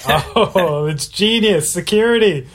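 A man's voice: high voice, takes it slowly. A man hosting a podcast, chiming in with short, wry reactions in casual chat. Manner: brief reactive interjections, wry. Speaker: podcast host.

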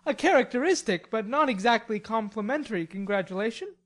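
Woman doing a cheeky young guy in a storybook reading, kinda high-pitched, teasing and cheerful. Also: expressive, brisk. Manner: teasing, cheerful, mock-penitent. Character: playful, mischievous young man, newly married. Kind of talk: audiobook character reading.

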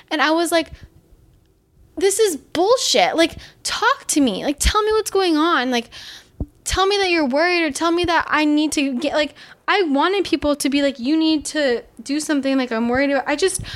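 A woman's voice: a bit bright, clear, resonant tone. A young adult woman telling a personal story in casual, candid talk, full of fillers and blunt swearing. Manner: grows heated and higher when upset.

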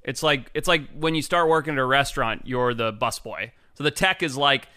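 Bright, animated storyteller man. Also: medium pitch, brisk, clear, resonant tone, dry recording, studio quality. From Africa. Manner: animated, loose and chatty with many "like"s, acts out other people's lines. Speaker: interview guest, wildlife biologist. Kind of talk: casual storytelling.

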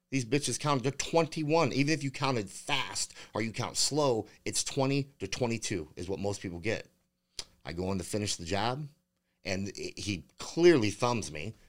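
A man, a fighter guest on a casual interview, rambling through stories with lots of swearing and fillers. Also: lowish voice. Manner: rambling, profane storytelling with many fillers. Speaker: bare-knuckle fighter guest.

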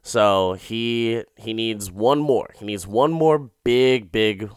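A young man casually recapping an episode, rambling and profane, slipping into quick character voices and laughing at his own jokes. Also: lowish voice, smooth, no echo, clean studio sound.

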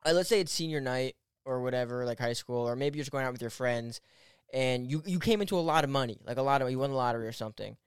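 A man's voice: medium pitch, quick pace, smooth, no room sound, studio quality. A young man in casual chat, asking lots of questions and swearing freely. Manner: curious, questioning, profane.

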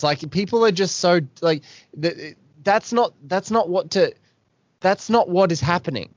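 A man's voice: on the high side, moderate pace, no room sound. Australian man, podcast host, exasperated rant, dry close sound, muffled lo-fi audio. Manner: exasperated ranting with swearing. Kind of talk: casual podcast chat.

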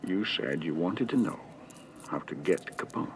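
A gruff veteran cop, low voice. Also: male voice, animated, moderate pace, a little hiss or hum. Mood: intense. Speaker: film character. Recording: film clip, distant with background ambience.

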